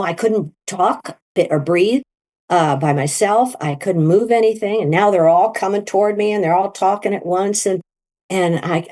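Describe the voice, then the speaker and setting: A middle-aged woman telling her story in an interview, animated and leaping into high quoted voices. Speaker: guest, near-death experiencer.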